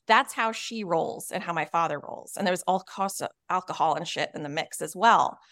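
This woman, a writer and coach guesting on a podcast interview, shares something personal with candor and sincerity, peppering her speech with "like" and "you know." She has a fairly low, fairly bright voice and talks at an ordinary pace, captured in a dry, studio-quality recording.

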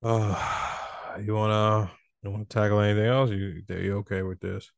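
A man hosting a podcast, talking in an animated, slangy, casual way. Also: on the low side, moderate pace, gravelly, no echo, studio quality. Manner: animated, slangy, swings into exaggerated voices. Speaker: podcast host. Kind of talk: casual chat.

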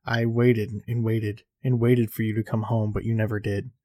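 A man reading the lines of a weary, guilt-ridden older brother of about thirty, who speaks quietly and apologetically and swears now and then. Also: on the low side, little pitch movement, moderate pace, no echo, lightly acted. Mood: regretful.

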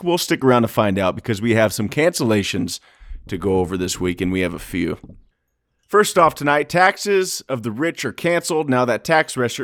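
A man hosting a podcast with a low voice that moves a lot in pitch. He reads his intro briskly and dramatically. The recording is dry and close. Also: no room sound. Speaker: podcast host. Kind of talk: casual chat and scripted topic intro.

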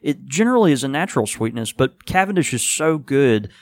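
A man co-hosting a casual podcast, talking in a halting way with many fillers and restarts. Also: mid-range voice, very animated. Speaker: podcast co-host.

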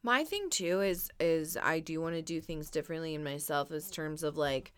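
A woman co-hosting a podcast in casual chat, telling stories in an animated, profane way. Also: sits low, normal speed, clear, resonant tone. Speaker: podcast co-host.

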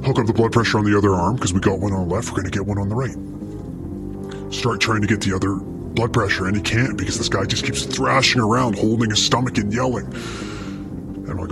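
A man, a paramedic, telling a story in an energetic, profane way and speaking straight to the listener. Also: fairly low pitch, brisk, music in the background. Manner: energetic, swears freely, addresses the listener directly.

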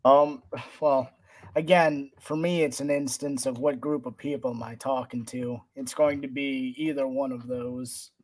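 A man joining a podcast as a guest, talking casually at a mid pitch. His humor is wry and deadpan. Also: a little slow.

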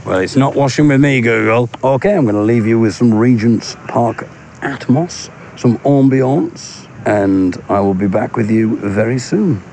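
A man's voice: fairly low pitch, moderate pace, a little mellow, a little hiss or hum. A man who rambles playfully and switches between voices, recording an improvised comic audio blog outdoors in a park on a handheld phone. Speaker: audio blogger.

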